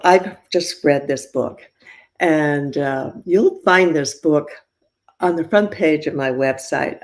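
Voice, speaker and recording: A woman's voice: low-pitched, darkish tone. Bubbly older woman hosting a podcast. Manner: bubbly, laughs often. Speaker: podcast host. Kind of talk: podcast interview.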